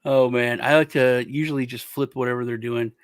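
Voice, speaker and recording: A man co-hosting a casual chat show, telling stories deadpan and acting out the people he talks about. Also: mid-range voice, a little fast, clear, resonant tone, no room sound. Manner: deadpan storytelling, acts out callers' voices. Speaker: podcast co-host.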